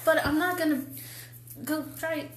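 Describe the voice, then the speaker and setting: A woman's voice: high voice, steady tone, a little slow, echoey room. A woman co-hosting a podcast, ranting in a heated, exasperated way with swearing. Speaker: podcast co-host. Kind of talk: casual chat.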